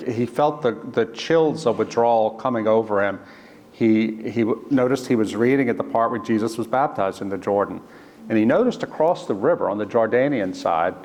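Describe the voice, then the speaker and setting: A man, an author, telling a personal story in an earnest, halting way, restarting phrases and quoting other people. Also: on the low side. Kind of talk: storytelling talk. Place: church. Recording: long church reverb.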